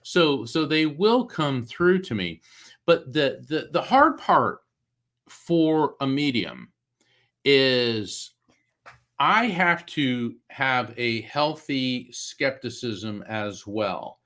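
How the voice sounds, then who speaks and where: A middle-aged man from Florida, a psychic medium, telling a personal story in an interview with animated, acted-out quotes. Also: drawn-out words. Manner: animated storyteller, acts out quoted voices with big pitch jumps. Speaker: guest, psychic medium and author. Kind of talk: storytelling in a talk show interview.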